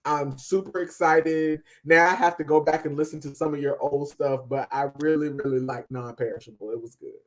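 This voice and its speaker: A woman with a somewhat low voice co-hosts a podcast and reviews music in casual, chatty talk. She leans into her points with emphasis and lets some phrases trail off quietly. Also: fairly even intonation, a little fast, few pauses. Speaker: podcast co-host.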